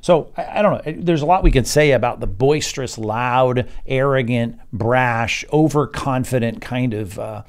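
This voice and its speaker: A man teaching an evening Bible study as its pastor, reading verses aloud and explaining them while thinking aloud, with many pauses and repeated words. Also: medium pitch. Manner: reads scripture aloud then explains it.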